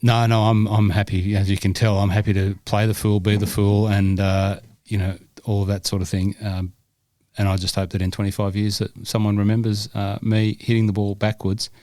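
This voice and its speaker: An older man with a Scottish accent chats on a podcast in a low voice. He rambles and makes fun of himself, with plenty of ums and uhs. The sound is close and dry. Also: little pitch movement, moderate pace, dark tone, no echo. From Scotland. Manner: rambling, self-deprecating, many fillers. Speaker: podcast co-host. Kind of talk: casual chat.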